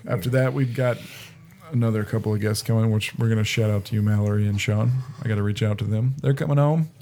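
A man's voice: on the low side, steady tone, fast talker, dark tone, a little hiss or hum. A man hosting a casual podcast chat, upbeat and laughing often, swearing now and then. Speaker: podcast host.

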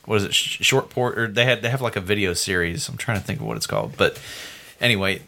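A man's voice: fairly low pitch, very animated, fast talker, vocal fry, pushed and bright. A man co-hosting a podcast, rambling on with enthusiasm in casual chat. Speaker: podcast co-host.

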